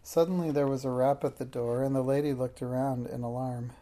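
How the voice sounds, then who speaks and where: A narrator reading a children's chapter book aloud in a gentle, even manner. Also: medium pitch, a little fast. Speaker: storybook narrator.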